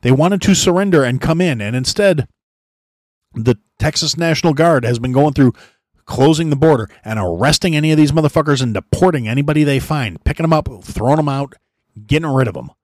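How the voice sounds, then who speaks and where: An American podcast host launches into a blunt, profanity-heavy political rant, constantly restarting his sentences. His voice sits fairly high with lively intonation, moving a little fast and sounding slightly mellow. The recording is dry, with clean studio quality.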